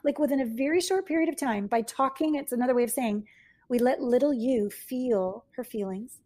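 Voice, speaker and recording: Energetic high-voiced woman coach. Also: fairly quick. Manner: energetic, enthusiastic storyteller. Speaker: relationship coach, guest. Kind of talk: casual conversation.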